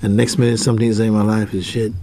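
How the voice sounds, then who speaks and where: A man's voice: lowish voice, little pitch movement, fast talker, gravelly, warm tone, a little hiss or hum. A man giving a spiritual talk as a teacher, asking probing questions and often repeating his phrases. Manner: questioning, repeats phrases, acts out quoted people.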